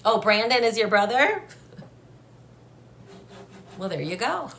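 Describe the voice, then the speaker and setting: A young adult woman giving a live-streamed psychic reading, gentle and emotional, hesitant with many fillers and restarts. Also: a little high, very animated, slow, vocal fry, slight background noise. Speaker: medium.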